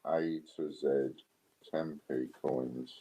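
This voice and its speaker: A British man hosting a casual live stream, relaxed as he counts down bids. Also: rumbling low, extremely slow, a little hiss or hum, rough recording. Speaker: live stream host running coin auctions.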